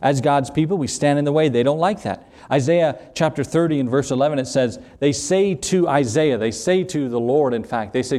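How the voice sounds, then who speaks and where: A man's voice: on the high side, a little fast, hardly any pauses, warm tone. A man preaching a sermon as pastor, stressing words and acting out short quoted prayers. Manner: preaching with rising emphasis and acted-out quotes.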